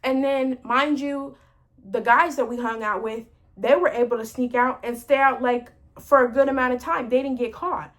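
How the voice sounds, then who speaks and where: Chatty woman with a fairly high voice. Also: fairly even intonation, normal speed, a bit bright. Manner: chatty, rambling with lots of "like" fillers; exasperated, venting retelling. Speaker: storyteller vlogger. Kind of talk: casual storytime vlog.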